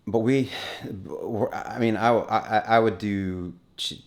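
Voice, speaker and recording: A middle-aged man from Wyoming, talking as an actor guest in a relaxed, rambling interview with many restarts. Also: lowish voice, takes it slowly. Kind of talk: casual interview conversation.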